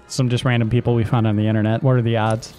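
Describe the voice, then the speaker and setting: A man's voice: medium pitch, flat delivery, fast, dark tone, soft background music. A man co-hosting a casual gameplay video, joking and teasing his partner. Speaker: co-host.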